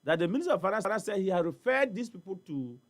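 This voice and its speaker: A man's voice: high voice, very animated, fast, no room sound. A man with a Ghanaian accent, speaking as a studio guest on a morning talk show, emphatic and repetitive, full of rhetorical questions. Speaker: studio guest on port trade. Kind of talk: animated talk-show discussion.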